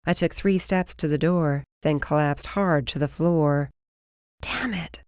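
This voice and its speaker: Female audiobook narrator, lower voice, dry close recording, steady first-person read. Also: a little slow, clear, resonant tone, no room sound.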